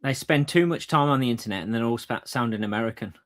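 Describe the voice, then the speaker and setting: A man with a Redditch twang co-hosts a podcast in relaxed chat. He keeps his remarks short and blunt and laughs easily, his voice sitting at a middling pitch for a man. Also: fast. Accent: Redditch, West Midlands. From Redditch, England. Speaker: podcast co-host. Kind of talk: casual chat.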